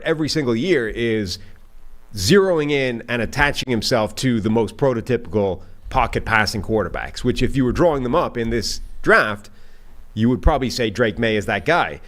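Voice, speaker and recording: A man's voice: mid-range voice, a bit bright. A man co-hosting a casual sports podcast, talking football in a dry, wry way. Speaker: analyst co-host.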